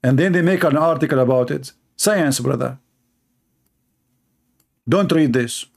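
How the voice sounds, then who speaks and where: Brief: sarcastic commentator, a man with an Arabic accent, middle pitch, broken grammar, mocking delivery, repeats words. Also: a little slow, gravelly, a little mellow. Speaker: Christian apologist commentator. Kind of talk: mocking monologue.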